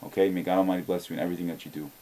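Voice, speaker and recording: Fast-talking deep-voiced man, blunt. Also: fairly even intonation, warm tone, slight background noise. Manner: blunt, opinionated, repeats words when starting sentences. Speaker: video blogger answering a viewer. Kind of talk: casual spoken video reply.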